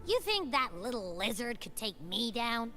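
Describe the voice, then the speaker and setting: Raspy bright little critter that eats everything, lively, music under it. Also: female voice, fairly high pitch, normal speed. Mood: boastful. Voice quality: raspy smoker-like voice. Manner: boastful, chatty. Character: small cheeky gluttonous companion creature. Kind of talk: game voice acting.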